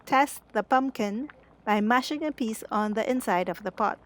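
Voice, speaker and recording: A woman, the host of a cooking channel, giving calm step-by-step narration over a recipe. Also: fairly high pitch, normal speed.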